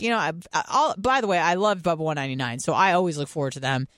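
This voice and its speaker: A woman's voice: fairly low pitch, animated, fast, a bit bright, no echo, studio quality. Candid, profane young woman radio host. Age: 20s. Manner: candid, profane, laughing storyteller. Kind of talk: casual storytelling chat.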